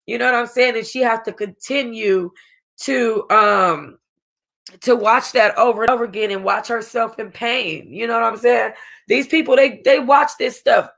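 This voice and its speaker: A woman hosting her own review channel talks through a reality TV episode, fighting back tears as she goes. Her voice has a gravelly, fried edge, and she rambles in loose, slangy chat full of restarts. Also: on the high side, a bit bright. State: close to crying. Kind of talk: casual chat.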